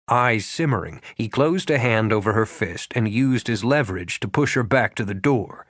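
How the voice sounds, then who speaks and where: A male narrator reading a romance novel, with expressive storytelling. His voice is animated, with plenty of pitch movement. The sound is close and dry, with no room around it. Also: a little slow, few pauses, no echo. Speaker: audiobook narrator. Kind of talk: scripted narration.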